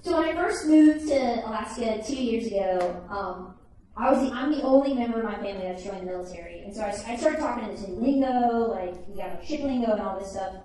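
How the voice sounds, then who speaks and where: A woman's voice: a little high, animated, quick pace, mellow, slight background noise. A woman in her twenties telling a personal story live, chatty and full of "like". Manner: chatty, peppered with "like". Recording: echoey room heard from a distance.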